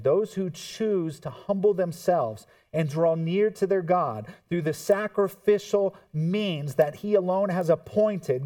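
Male pastor, sermon delivery, mellow tone, slightly high voice, heard from off the mic, moves between quiet and forceful, acts out quotes. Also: distant mic. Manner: expressive preaching, swings from hushed to emphatic, acts out quotes.

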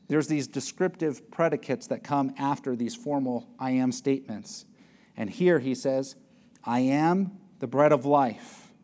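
A man preaching a sermon, reading verses and explaining them with emphatic stress. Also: measured pace. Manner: emphatic, varies pitch and loudness for stress.

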